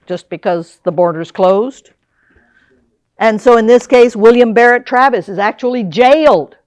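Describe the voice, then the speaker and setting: An older woman delivers a public history lecture. She talks in a lively way and keeps asking her listeners questions. Her voice sits fairly high, and the sound is dry and close. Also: measured pace, no room sound, dull audio. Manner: lively, asks the audience questions. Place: lecture hall.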